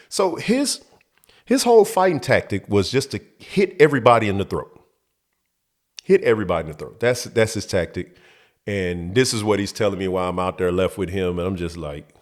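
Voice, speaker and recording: A man hosting a show, telling a childhood story in an animated, profane, colloquial way. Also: fairly low pitch, moderate pace. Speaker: host. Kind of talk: comedic storytelling.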